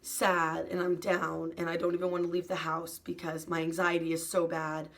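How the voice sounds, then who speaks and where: A young woman YouTuber talking in a soft, hesitant confessional vlog, full of "like" fillers and sometimes close to tears. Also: fairly low pitch, monotone, moderate pace. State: emotional, near tears at times.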